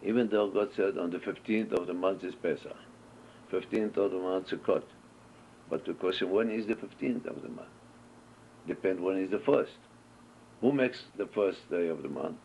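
A man's voice: low voice, moderate pace, creaky, a little mellow. A man with teaching a Torah class, asking questions and answering them as he tells stories. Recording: dull lo-fi recording with faint noise.

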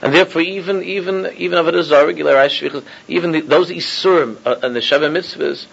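Male rabbi, informal Torah class, husky, halting and chuckling, muffled lo-fi sound. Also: fairly high pitch, fairly bright tone. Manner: mixes Hebrew and Yiddish terms, repeats himself, chuckles often. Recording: dull lo-fi recording.

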